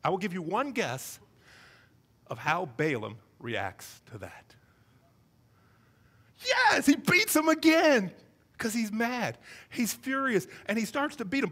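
A male pastor delivering a sermon in a bright, high voice that swoops up and down. He tells the story with animated, comic acted-out voices.

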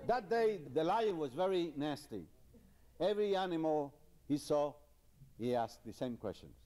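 Animated man telling jokes. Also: on the high side, moderate pace, a little hiss or hum. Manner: animated, repetitive storytelling with chuckles. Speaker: stand-up comedian. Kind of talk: joke telling.

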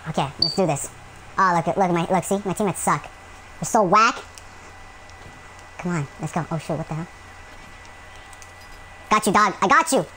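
A man's voice: high voice, moderate pace, long pauses, pushed and bright, a little hiss or hum, poor audio. A man giving gameplay commentary at home, rambling with many fillers and breaking into yelps and rants at the game. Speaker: gaming channel host.

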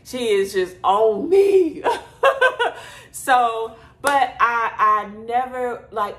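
A woman's voice: mid-range voice, fairly bright tone, reverberant, slight background noise. A woman, chatting casually to camera in her apartment as a vlogger, telling stories with lots of fillers. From Houston, Texas. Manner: chatty storyteller, many fillers. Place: bedroom apartment indoors.

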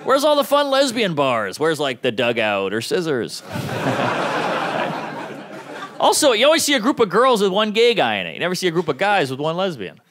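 A man in his thirties doing a stand-up comedy set, delivering deadpan one-liners and quick acted-out quotes. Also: sits high. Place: comedy club stage. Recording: live club recording with crowd noise. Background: audience laughing.

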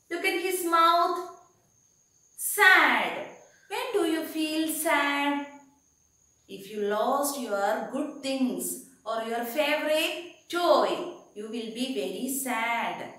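Woman, kindergarten teacher; slow sing-song coaxing delivery; recorded off-mic in a very reverberant room. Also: high voice, expressive, bright, forceful tone, far from the mic. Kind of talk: slow recorded online lesson for small children.

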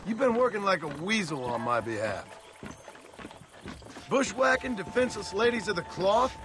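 An actor playing a stern, threatening gunslinger in a western game who speaks with a dry edge. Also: male voice, high-pitched, big pitch swings, moderate pace, noisy background. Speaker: game character. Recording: game audio with outdoor ambience.

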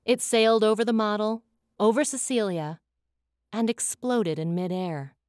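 A woman reads a fantasy audiobook with an expressive, dramatic lilt. Her voice sits at an ordinary middle pitch. The sound is dead dry and close to the mic. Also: moderate pace, no room sound. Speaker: audiobook narrator. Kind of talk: scripted audiobook narration.

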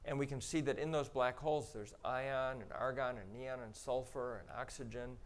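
A man gives a talk to an audience and explains pictures on slides one by one. His tone is casual and chatty, and he adds small asides as he goes. His pitch sits in an ordinary middle range for a man. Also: fairly even intonation, moderate pace. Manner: conversational, explaining step by step with frequent "um" and "you know". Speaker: astronaut giving a public talk.

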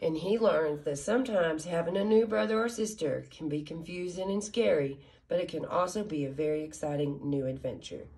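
A woman's voice: deep voice, moderate pace, few pauses, darkish tone, husky. A woman reading a children's picture book aloud in a careful, teacher-like way. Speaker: story reader for children.

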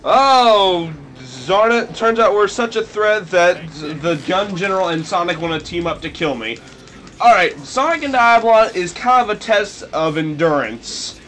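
A man's voice: sits high, lively intonation, normal speed, fairly bright tone, a little hiss or hum. A young man commenting on a video game he is playing, rambling and sarcastic, with sudden mock-dramatic outbursts. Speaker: let's play commentator. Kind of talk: gameplay commentary.

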